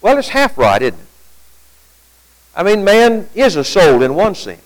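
Animated high-pitched man preaching a sermon. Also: unhurried, poor audio. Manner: animated preaching, rhetorical questions, reads quotes aloud. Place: church gathering at night.

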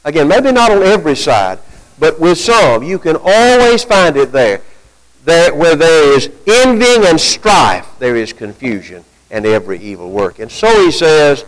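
A man preaching a sermon in a conversational way, asking rhetorical questions and climbing higher and louder when he quotes scripture. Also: sing-song, unhurried, low-quality recording.

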